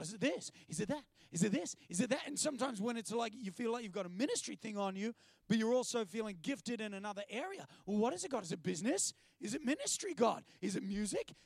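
A man's voice: high-pitched, vocal fry, dry recording. A man preaching a sermon, telling stories with jokey asides. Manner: storytelling, animated, jokey asides. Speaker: preacher and TV presenter.

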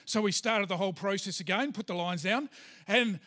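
High-voiced pastor preaching. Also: male voice, moderate pace, bright, forceful tone. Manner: chatty storytelling, many fillers. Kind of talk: sermon with personal story.

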